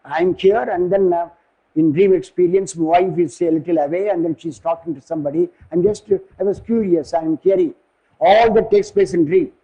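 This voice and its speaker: An older Indian man lectures on philosophy in a mellow, slightly high voice with an Indian English accent. He wanders into asides and stops to search for names and words. His tone is husky and soft-edged. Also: fairly even intonation, highs cut off. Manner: digressive, halting, searches for words.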